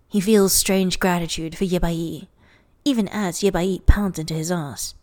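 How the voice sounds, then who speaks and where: A woman's voice: on the low side, moderate pace, darkish tone. A tipsy woman reading fan fiction aloud, giggling and breaking off into mock-dramatic asides. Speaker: reader.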